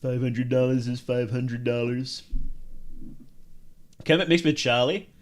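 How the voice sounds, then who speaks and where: A man streams casual reaction commentary, rambling and joking with his chat. He laughs often and his voice sits at an ordinary middle pitch. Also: unhurried.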